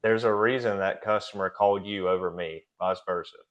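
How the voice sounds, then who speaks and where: A man's voice: low voice, steady tone, brisk. A man speaking as a guest in a casual podcast conversation about his business, plainspoken and easygoing. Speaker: guest, pressure washing business owner.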